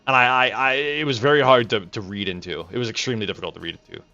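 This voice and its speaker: A man's voice: medium pitch, fairly even intonation, very fast, sharp tone, dull audio, faint music behind. A man streaming a game live, rambling and swearing as he reacts and chats with viewers. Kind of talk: casual live gameplay commentary.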